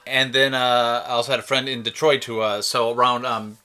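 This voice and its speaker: A man's voice: mid-range voice, little pitch movement, brisk, pushed and bright, clear, resonant tone. A man co-hosting a casual livestream, explaining things at length in a loose, rambling way with plenty of fillers. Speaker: livestream co-host and animator.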